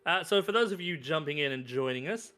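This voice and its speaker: A man's voice: on the high side, expressive, brisk, sharp tone. A man co-hosting a game stream, greeting viewers by name in a friendly way. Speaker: co-host. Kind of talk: casual stream chat.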